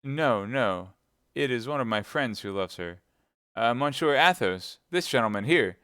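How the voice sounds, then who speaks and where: A gallant young swordsman, voiced by a male reader, earnest and reassuring. The sound is smooth and dry, close to the microphone. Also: mid-range voice, lively intonation, measured pace, fairly bright tone, no room sound, voice pushed up. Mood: eager.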